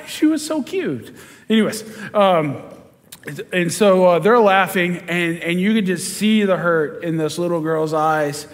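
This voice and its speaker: A man, a pastor, giving a sermon and telling a story with lively storytelling and chuckles. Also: high voice, unhurried. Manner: storytelling, animated, chuckles while telling stories. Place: church sanctuary. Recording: church hall with long reverb.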